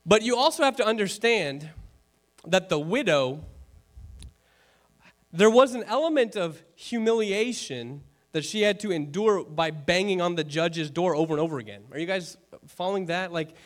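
A pastor giving an earnest, conversational sermon, repeating key phrases and turning to the congregation with casual asides. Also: male voice, high-pitched, expressive, normal speed.

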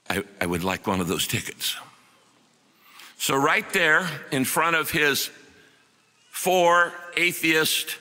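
A man's voice: fairly high pitch, pushed and bright, long reverb tail. A middle-aged man preaching a sermon, telling a story earnestly and acting out the quotes.

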